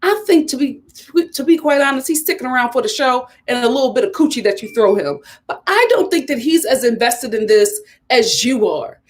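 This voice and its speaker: A woman's voice: on the high side, big pitch swings, brisk. A young woman giving a casual, sassy recap of a reality TV episode, often talking straight to the people on screen. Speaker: reality TV reviewer.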